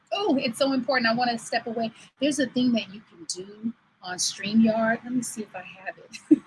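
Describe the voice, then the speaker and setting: A woman over forty hosts a livestream, telling stories in a chatty way and acting out the dialogue people said. Her medium-pitched voice comes across pushed and bright. The livestream computer mic gives poor audio with slight background noise.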